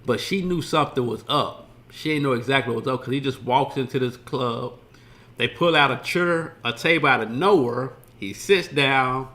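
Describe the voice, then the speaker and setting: A man's voice: medium pitch, moderate pace, bright, forceful tone. A man streaming a casual reaction commentary, rambling loosely and swearing freely as he retells scenes.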